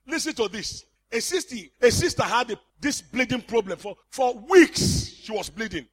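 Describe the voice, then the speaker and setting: A man preaching a sermon with passion, often shouting for emphasis. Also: very high-pitched, lively intonation, moderate pace, breathy edge.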